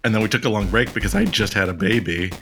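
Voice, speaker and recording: A man's voice: lowish voice, fairly even intonation, quick pace, fairly bright tone, soft background music. A man in his thirties running a casual trivia podcast round, rambling a bit and laughing often. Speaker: trivia quizmaster.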